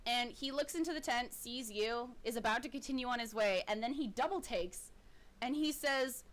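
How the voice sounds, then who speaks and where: A woman with a slightly high voice runs a tabletop game as game master. She narrates in a lively way and giggles often. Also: normal speed.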